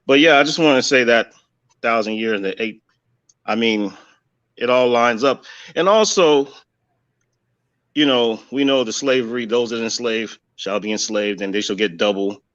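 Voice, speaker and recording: A man's voice: mid-range voice, normal speed, pauses often, a bit bright, lo-fi sound. A man giving rambling religious commentary, thinking aloud with many fillers.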